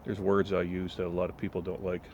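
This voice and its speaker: A man's voice: low voice, completely flat delivery, fast, darkish tone, slight background noise. A man telling a blunt, profane story in a casual rant, sometimes mocking other people's voices, recorded on a phone outdoors in town. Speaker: vlogger.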